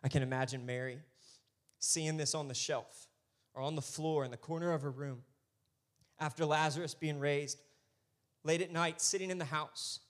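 A man preaching a sermon as pastor, moving from hushed storytelling to loud, emphatic calls. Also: on the high side.

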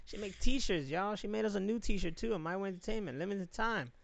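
A man co-hosting a casual chat, telling a story in an animated, profane way with lots of laughter. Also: high-pitched, a little fast, vocal fry, dry recording.

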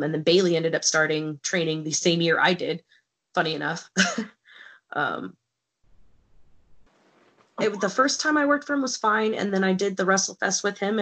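A woman's voice: lowish voice, fairly bright tone. A woman guest on a podcast telling a personal story in casual, candid talk, swearing freely. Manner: candid, swears freely, acts out quoted people.

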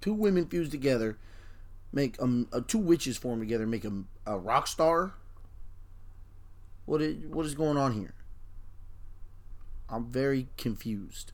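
Male podcast co-host, relaxed anime chat, says "bro" a lot, reacts with disbelief. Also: mid-range voice, a little slow, pauses often. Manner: laid-back, incredulous, slangy ("bro"). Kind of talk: casual anime review chat.

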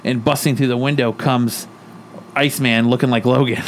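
A man's voice: medium pitch, fairly even intonation, moderate pace, a little hiss or hum. A man co-hosting a podcast, casually retelling a comic book story and speaking the characters' lines in his own voice. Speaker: podcast co-host.

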